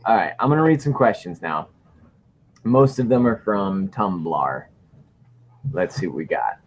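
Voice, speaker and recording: A man's voice: low-pitched, expressive, measured pace, a little hiss or hum. A man co-hosting a casual livestream, rambling and joking as he reads viewer questions. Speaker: livestream co-host.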